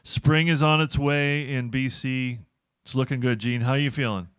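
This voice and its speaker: A man's voice: mid-range voice, steady tone, normal speed, a bit bright, clean tone, no echo, studio quality. A man of about sixty hosting a casual afternoon show, chatty and self-deprecating with a joking manner. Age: 60s. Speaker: host. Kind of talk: casual chat.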